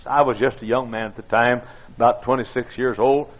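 A man's voice: mid-range voice, steady tone, brisk, dull audio. An older man, a pastor, telling stories in a folksy, self-deprecating sermon with many fillers and restarts. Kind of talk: storytelling sermon.

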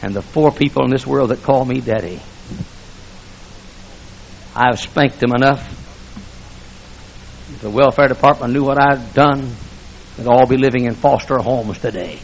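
A man preaching a fiery church sermon, swinging between shouted lines and hushed speech with emphatic repetition. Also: medium pitch, a little slow, creaky, pauses often, slight background noise, poor audio. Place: church sanctuary before a congregation.

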